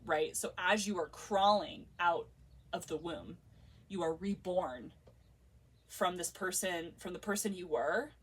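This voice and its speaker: A woman's voice: lowish voice, slightly rough, far from the mic. A woman vlogger telling a personal story in a casual, emotional, heartfelt way, full of filler words.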